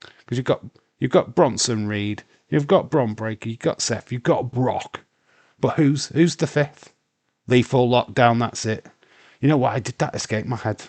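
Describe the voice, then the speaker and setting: A man with a Yorkshire accent hosts a casual live watch-along stream, swearing freely, reading chat messages aloud, and rambling with restarts. His voice is medium in pitch with a darkish tone and a measured pace, recorded with no room sound.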